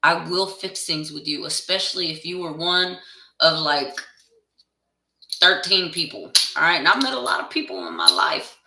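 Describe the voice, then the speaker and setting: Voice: medium pitch, big pitch swings, normal speed, pushed and bright, distant mic. A tarot reader in a blunt, profane, heated casual rant to camera. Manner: heated, insistent. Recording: echoey room, voice away from the mic.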